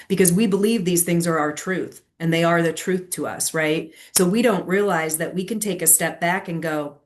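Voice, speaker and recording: A woman in her forties, a former educator, explaining ideas in a lively conversational interview. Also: fairly low pitch. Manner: animated storytelling with quick asides. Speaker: guest, leadership strategist and former educator.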